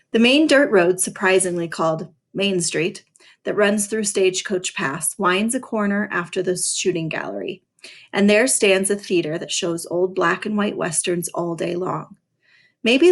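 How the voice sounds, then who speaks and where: Woman reading a novel aloud, dry. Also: fairly low pitch. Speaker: reader.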